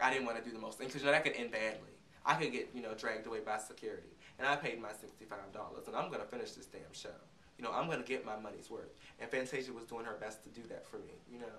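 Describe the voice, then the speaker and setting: A man's voice: on the high side, bright, forceful tone. A man hosting a vlog, telling a concert story in a sassy, dramatic way with sudden shrieks. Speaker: vlog host reviewing a concert. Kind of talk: casual chat. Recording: voice a bit far from the mic.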